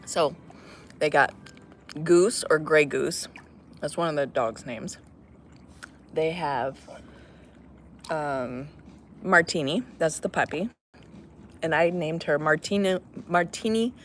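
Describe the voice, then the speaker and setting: A woman's voice: deep voice, slow, long pauses, slight background noise. Chatty woman vlogging outdoors. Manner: chatty, talks to a dog between asides. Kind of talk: casual vlog chat.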